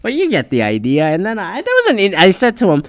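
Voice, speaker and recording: A man's voice: high-pitched, wildly swooping pitch, fairly quick, no room sound, studio quality. Rambling, foul-mouthed young man. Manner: rambling, heavy swearing, frequent fillers. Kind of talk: casual storytelling.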